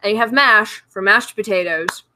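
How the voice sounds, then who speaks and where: A woman's voice: mid-range voice, normal speed, background noise. A woman from Georgia, a guest in a casual chat, talking bluntly and playfully and laughing at herself. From Georgia, USA.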